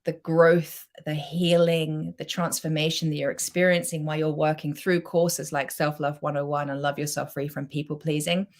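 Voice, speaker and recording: Low-voiced effusive woman coach. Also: level tone, normal speed, hardly any pauses. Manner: effusive, chatty, reads out viewer comments. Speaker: self-love coach. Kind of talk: live-streamed course pitch.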